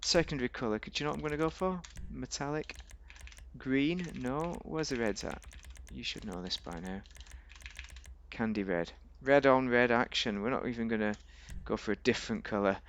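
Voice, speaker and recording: At a moderate pace, with a little background noise behind him, a man hosts a gaming video. He chats and rambles through casual, joking commentary while he plays, frequently talks to himself, and his pitch leaps without warning.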